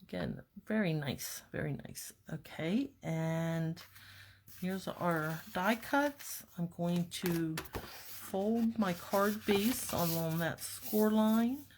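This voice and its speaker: Slow, low-voiced woman crafting. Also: a little hiss or hum. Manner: calm, step-by-step, talks to herself while working. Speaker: papercraft demonstrator. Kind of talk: card-making tutorial narration.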